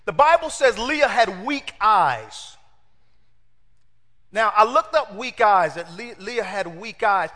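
A man preaching a sermon in an animated way, asking his congregation questions and acting out the quotes. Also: sits high, slow pace, big-room sound.

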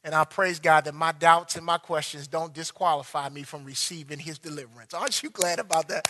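Impassioned high-voiced male preacher. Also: fairly quick. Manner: impassioned, swings between loud bursts and hushed lines. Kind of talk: sermon. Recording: long hall reverb.

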